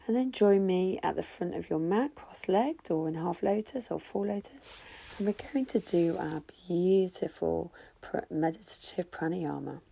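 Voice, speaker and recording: A woman guiding a yoga class with calm, slow cues. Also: fairly low pitch, creaky. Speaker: yoga instructor. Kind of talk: guided yoga instruction.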